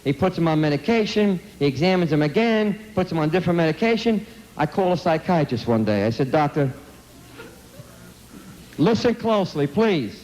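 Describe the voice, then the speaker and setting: Man, slightly high voice, anti-drug talk to students, emphatic, repetitive, blunt street talk, questions the crowd. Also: expressive, quick pace, darkish tone, poor audio. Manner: emphatic and repetitive, asks the audience direct questions. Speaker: speaker addressing students.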